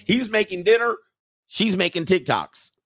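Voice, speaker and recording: A man's voice: on the high side, fairly bright tone. A man doing comedic reaction commentary, sarcastic and laughing often.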